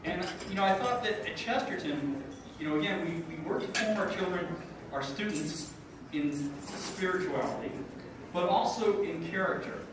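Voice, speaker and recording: A man's voice: high voice, animated, moderate pace, noisy background. Man giving a gala speech in an echoey hall. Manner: casual, with frequent ums and self-deprecating jokes. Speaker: school founding board member. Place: large banquet hall at a dinner gala. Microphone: podium microphone heard from a distance. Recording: very echoey hall, far from the mic, dishes clinking. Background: clatter of cutlery and dishes.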